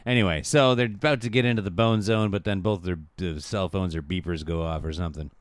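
A man's voice: low voice, steady tone, quick pace, no echo. A man casually recapping a TV episode for a podcast, rambling with lots of filler words and offhand quotes of the characters. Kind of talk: casual chat.

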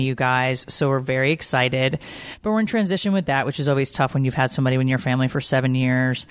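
A woman's voice: a bass voice, clean tone, no room sound, studio quality. Chatty woman host telling stories. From Georgia, US. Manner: chatty storyteller, lively quoted voices. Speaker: podcast co-host. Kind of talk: casual chat.

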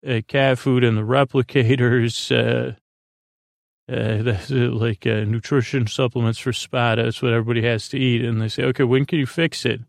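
A man's voice: medium pitch, gravelly, no echo, clean studio sound. A man hosting a podcast, casually recapping an episode with many fillers and quoting characters in his own voice. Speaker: podcast host.

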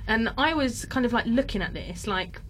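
A woman's voice: on the high side, expressive, normal speed, a bit bright, slight background noise. A young woman telling a story in casual chat, often laughing, with lots of fillers.

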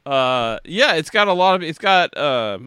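A man chatting casually as a podcast co-host, with a bright, forceful voice. His pitch swings widely as he tells stories, laughs and swears freely. The sound is dry and close, with no room echo. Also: sing-song, a little slow, clean tone. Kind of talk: casual chat.

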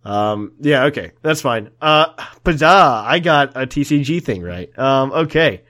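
A man's voice: mid-range voice, expressive, a little slow, a bit bright. Laid-back man hosting a podcast. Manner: laid-back, rambling, laughs often. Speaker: podcast host. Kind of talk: casual podcast chat.

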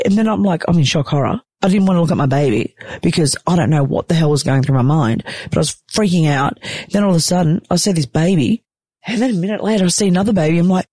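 A woman telling a personal story in a casual, animated way, acting out what everyone said and swearing freely. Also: lowish voice, a little fast, dry recording. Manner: animated, acts out the other people's lines.

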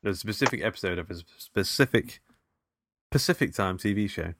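A man's voice: sits low, a little fast, noisy background. A man co-hosting a casual film podcast, reading out trivia questions and teasing his co-host. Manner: quizzing with playful banter.

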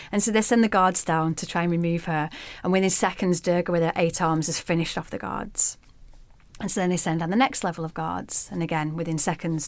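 Low-voiced woman telling a myth. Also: no room sound. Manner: vivid, expressive storyteller. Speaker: podcast guest. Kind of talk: storytelling in an interview.

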